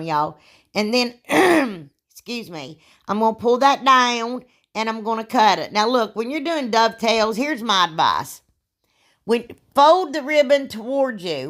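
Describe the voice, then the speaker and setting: A woman, hosting a casual craft tutorial, chatty and rambling, with a sore throat that makes her clear it often. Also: medium pitch, a bit bright. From Ohio, United States. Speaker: DIY crafts channel host.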